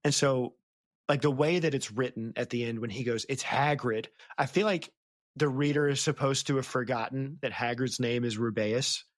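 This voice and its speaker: A woman's voice: very deep voice, no room sound, clean studio sound. Chatty woman podcast host. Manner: chatty, laughing recaps with quick impressions. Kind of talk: casual book-club chat.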